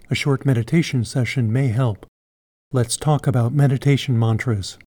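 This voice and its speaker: Calm, mellow man narrating slowly. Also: mid-range voice. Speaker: meditation instructor. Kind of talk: scripted instructional narration.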